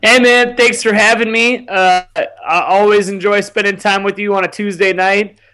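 Male guest, casual podcast chat, relaxed with lots of fillers, higher voice. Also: normal speed, clear, resonant tone. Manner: laid-back, easygoing, filler-heavy.

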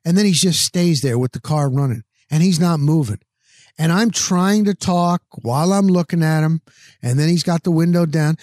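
Male podcast host, casual monologue, exasperated and animated, recorded outdoors on a patio, dry. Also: a little high, normal speed, no echo. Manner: rambling, exasperated, animated retelling. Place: home back patio, outdoors.

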